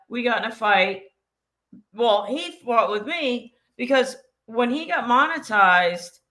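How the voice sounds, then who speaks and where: Brash, bright-voiced woman podcaster. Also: fairly high pitch. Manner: blunt, profane, animated ranting. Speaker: co-host. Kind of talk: casual podcast chat.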